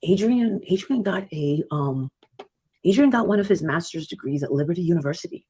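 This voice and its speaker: A woman's voice: fairly low pitch, expressive, brisk, dark tone, husky. Blunt, swearing woman streamer. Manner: blunt and profane, lots of quoted dialogue. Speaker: livestream host. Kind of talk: casual livestream chat with callers.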